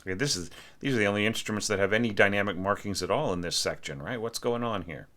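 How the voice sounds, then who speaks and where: A man's voice: fairly low pitch, fast talker, sharp tone. A man giving a casual, chatty critique of an orchestration, with lots of "you know" and "like" and sung-out notes. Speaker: orchestration teacher giving feedback. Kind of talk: casual spoken critique of a score.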